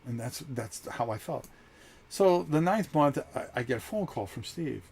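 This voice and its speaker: A middle-aged channel host spins a story in a relaxed monologue, speaking at normal speed in a creaky, husky, medium-pitched voice. He animatedly performs the quoted exchanges he recalls.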